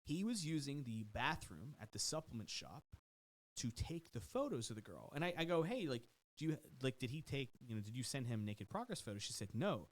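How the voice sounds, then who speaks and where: A man recounts a scandal on a podcast, his voice swinging widely in pitch as he gets worked up. He curses casually and slips into quick impressions of the people involved. It sounds like easygoing studio chat between friends. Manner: animated, profane, mimics people in his story. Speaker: guest, personal trainer.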